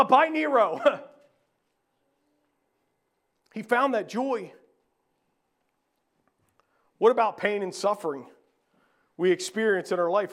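Male preacher, very high-pitched; sermon delivery with scripture readings, loud-to-hushed swings. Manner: rhetorical questions, swings from raised to hushed; reads scripture aloud, repeats phrases.

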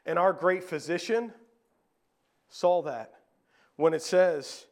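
A man preaching a sermon, reading scripture and asking rhetorical questions, swinging between a raised voice and a hushed one. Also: high-pitched, slow, long pauses. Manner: reads scripture aloud, repeats phrases.

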